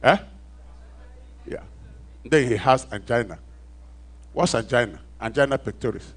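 A Nigerian-accented man delivers a storytelling sermon, sinking into hushed asides and then building to loud, emphatic calls that invite responses from the congregation. His voice is medium in pitch, with lively intonation and a measured pace.

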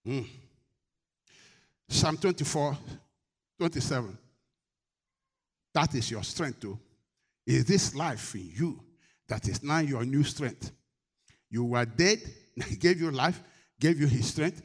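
A man preaches a sermon to his church, animated yet slow, with long pauses. He swings between loud, shouted exhortations and quieter, coaxing call-and-response that prompts the congregation to answer.

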